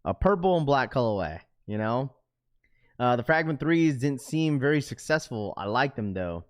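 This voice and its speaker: A man's voice: mid-range voice, big pitch swings, normal speed. A young man hosting a livestream, chatting casually and rambling as he reads and answers viewers' comments. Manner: rambling, talks to chat, reads comments aloud. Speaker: livestream host.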